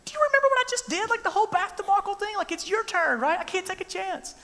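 A man voicing a nervous young male disciple in a high, rushed voice during a sermon. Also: animated, pushed and bright, exaggerated voice. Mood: panicky. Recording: long reverb in a large room.

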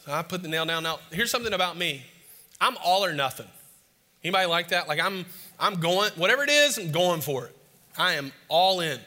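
Bright-voiced man preaching. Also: fairly high pitch, long reverb tail. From Southern United States. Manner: animated, self-mocking storyteller addressing a live audience. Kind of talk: sermon with personal storytelling.

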